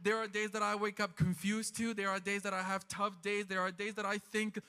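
A man preaching a sermon in a church, impassioned, swinging from loud calls to quiet talk. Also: sits high, little pitch movement, brisk, clear, resonant tone, long reverb tail, soft background music. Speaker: pastor. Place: church sanctuary.

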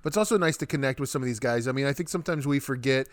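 A man's voice: mid-range voice, very fast, no echo. Podcast host, male, rambling casual sports talk, dry close sound. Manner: chatty, rambling with many fillers.

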